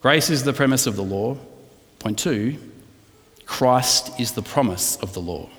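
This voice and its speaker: Pastor preaching in a reverberant hall. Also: male voice, medium pitch, lively intonation, unhurried, fairly bright tone. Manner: conversational, asks the congregation "right?" often. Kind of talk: sermon.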